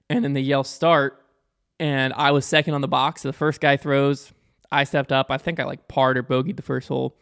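A young man telling a story in casual conversation, animated and quick, acting out the people he quotes. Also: mid-range voice, gravelly. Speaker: podcast guest or host, disc golfer.

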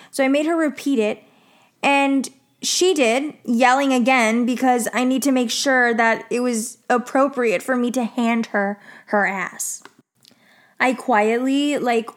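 Young woman vlogger, a bit high, chatty storytime with lots of "like", swears freely. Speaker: vlogger telling a work story. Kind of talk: casual storytime monologue.

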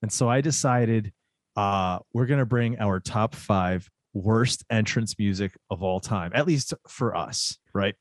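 A man's voice: lowish voice, unhurried, dry recording, clean studio sound. A man co-hosting a casual wrestling podcast, talking loosely with restarts and fillers. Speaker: podcast co-host.

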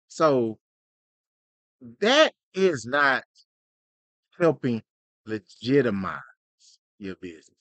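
A man's voice: mid-range voice, slow pace, long pauses, no room sound. A man co-hosting a podcast in casual, slangy chat, playing out little skits as he talks. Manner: animated, slangy, plays out skits. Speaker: podcast co-host.

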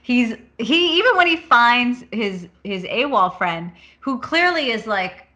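A woman on a podcast, chatting casually about a film and retelling scenes with animated energy. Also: fairly high pitch, a little slow. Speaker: podcast co-host discussing a film. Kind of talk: casual chat.

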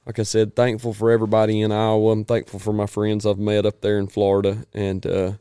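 A man talks through a casual chat in a rambling, folksy way, pausing often to clear his throat. His voice sits low and sounds smooth and resonant. The recording is dry and close. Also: completely flat delivery, mellow, no room sound.

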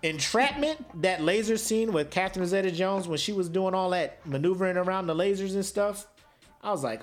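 A man's voice: sits high, fairly quick. A man co-hosting a podcast in casual chat, joking and slangy, laughing often. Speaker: podcast co-host.

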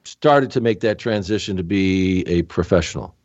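A man's voice: low-pitched, a little mellow, lo-fi sound. A man hosting an interview show and reading an ad in a folksy, salesman-like way. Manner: folksy, salesman-like, asks quick questions. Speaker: podcast host. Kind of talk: interview and live-read ad.

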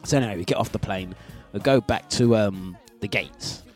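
A man hosting a breakfast radio show, telling a story in an animated, laughing way and acting out the scenes. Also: on the low side, normal speed, faint music behind. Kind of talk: casual storytelling on air.

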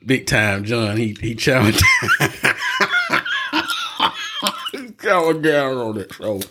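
A man's voice: mid-range voice, animated, takes it slowly, heavy background noise. A man hosting a podcast in casual chat, rambling with many fillers and laughing often. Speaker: podcast host.

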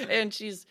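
Giggly rambling podcast host, bright voice. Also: male voice, high-pitched, no room sound. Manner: rambling, giggly, self-interrupting. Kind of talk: casual chat.

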